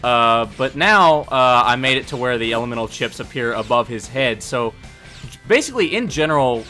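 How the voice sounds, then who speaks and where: A man giving casual, animated group commentary on his own fan dub series, prone to loud excited outbursts. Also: medium pitch, moderate pace, soft background music.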